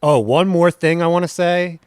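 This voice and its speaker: A man's voice: on the high side, moderate pace, clean tone, dry recording, clean studio sound. A man co-hosting a casual comedy podcast, chiming in with wry jokes and mock-serious takes. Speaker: podcast co-host.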